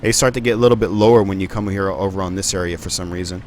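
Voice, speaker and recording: A man's voice: sits low, very fast, a little mellow, slight background noise. A man giving live stream commentary on a flight simulator, rambling and thinking aloud with plenty of ums and uhs.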